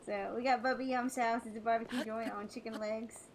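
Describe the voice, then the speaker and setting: A woman's voice: fairly high pitch, fairly even intonation, a little fast, a little hiss or hum, poor audio. A woman streamer chatting casually while she plays, rambling with many fillers and restarts. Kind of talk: casual chat while gaming.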